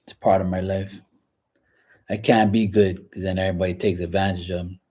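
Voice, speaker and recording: A man hosting a casual livestream from his kitchen while washing dishes, talking frankly and rambling, often clearing his throat. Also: sits low, flat delivery, brisk, mellow. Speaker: livestream host reading chat. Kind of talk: casual chat.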